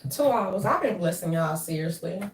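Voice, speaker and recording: A woman's voice: on the low side, moderate pace, far from the mic. A woman ranting casually to her audience, telling stories with lots of cursing, laughter and mimicked voices. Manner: profane, animated storytelling with laughs and mimicry. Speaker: commentary streamer. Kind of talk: casual rant. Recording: echoey room, off-mic.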